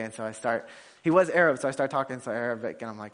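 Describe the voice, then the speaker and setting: Male preacher, mid pitch, rapid, chatty sermon full of restarts and fillers. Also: a bit bright. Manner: casual, fast, frequent restarts and fillers. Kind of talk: conversational sermon with personal story.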